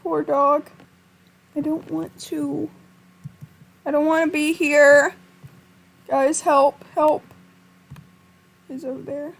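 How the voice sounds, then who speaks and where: High-pitched panicky woman gamer. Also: flat delivery, slow pace, creaky, long pauses. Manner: panicky, pleading, talks to viewers. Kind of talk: gameplay commentary.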